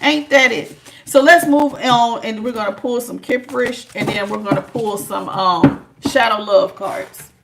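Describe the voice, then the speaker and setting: A woman's voice: fairly high pitch, measured pace, gravelly, noisy background. A woman giving a live-streamed tarot reading in a chatty, teasing way. She laughs often and calls her listeners child and honey. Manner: lively, teasing, talks straight to viewers. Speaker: tarot reader.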